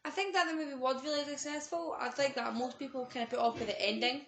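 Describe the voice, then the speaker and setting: A woman's voice: high voice, steady tone, fast talker, fairly bright tone, a little hiss or hum. A woman chatting casually and enthusiastically about a film she reviewed. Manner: enthusiastic, gushing. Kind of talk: casual chat. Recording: echoey room.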